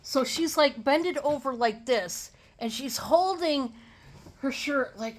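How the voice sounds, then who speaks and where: A woman casually telling a story to her viewers, chatty, with many fillers. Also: high-pitched. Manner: chatty and drawn-out, lots of fillers. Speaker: storyteller vlogger.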